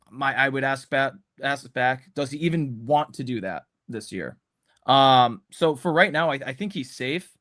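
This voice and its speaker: A man's voice: medium pitch, a bit bright. A man talking through sports opinions in casual commentary, rambling and full of "um" and "you know" fillers. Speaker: podcast panelist.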